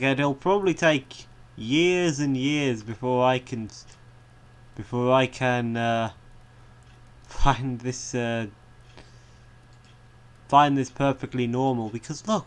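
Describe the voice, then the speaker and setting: A man giving casual let's-play commentary on a game, chatty and rambling, wandering off on amused tangents. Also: mid-range voice. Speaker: gaming video creator.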